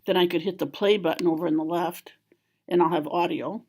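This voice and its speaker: Calm woman explaining software steps. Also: on the low side, brisk. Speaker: school library trainer. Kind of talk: screen-recorded software tutorial.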